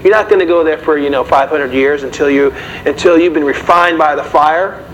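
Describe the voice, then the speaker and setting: A man's voice: a little high, fairly quick. A man preaching a sermon in a conversational way, often asking the audience questions. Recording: dull, slightly noisy recording.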